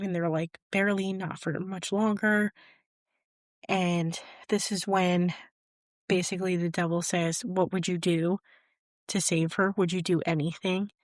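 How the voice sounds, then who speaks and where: A woman's voice: on the low side, no echo, clean studio sound. A young adult woman hosting a podcast, casually recapping a film in a chatty way full of fillers. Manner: chatty, leans on fillers like "basically" and "type of thing". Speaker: podcast host.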